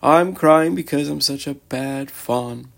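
A man's voice: medium pitch, steady tone, normal speed, lightly acted. A man voicing a sorrowful, guilt-ridden male faun who sobs and pleads. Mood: sobbing. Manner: sobbing, tearful, pleading.

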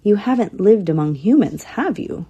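A woman's voice: medium pitch, animated, moderate pace, dark tone, breathy edge. A woman voicing a young female squirrel telling her story in a matter-of-fact, thoughtful way. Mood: earnest.

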